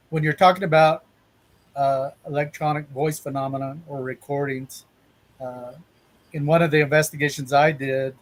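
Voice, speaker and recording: Flat-voiced man hosting a paranormal podcast. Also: medium pitch. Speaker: podcast host. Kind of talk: casual interview chat.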